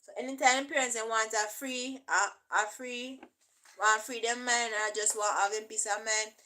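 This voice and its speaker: Bright-voiced Jamaican woman chatting. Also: on the high side, fairly even intonation, moderate pace, poor audio. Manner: chatty, checks in often with "right?". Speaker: vlogger. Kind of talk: casual explanatory talk.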